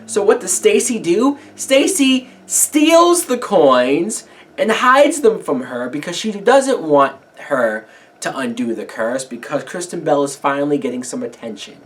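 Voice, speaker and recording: Casting: young male reviewer, profane sarcastic rant with a swinging, animated pitch. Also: measured pace. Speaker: movie reviewer. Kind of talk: ranting film review.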